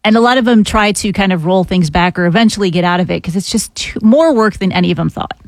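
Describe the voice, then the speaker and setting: A woman co-hosting a podcast, explaining things steadily in a casual chat and slowing down on key points. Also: mid-range voice, no room sound. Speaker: podcast co-host.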